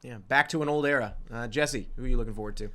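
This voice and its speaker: A man's voice: mid-range voice, quick pace, bright, forceful tone. A man co-hosting a podcast, steering the talk and tossing in wry, dry asides. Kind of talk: casual hockey podcast chat.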